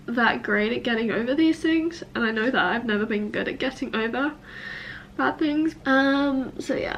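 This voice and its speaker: A woman's voice: on the high side, a little hiss or hum. A young woman, a university student, venting tearfully in a personal vlog, sniffling and self-critical as she rambles. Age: young adult.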